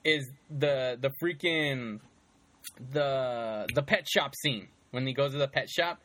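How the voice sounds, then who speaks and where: Bright-voiced man, animated casual chat. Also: mid-range voice, slow. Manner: animated storytelling, many fillers, laughs often. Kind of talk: casual chat about movies.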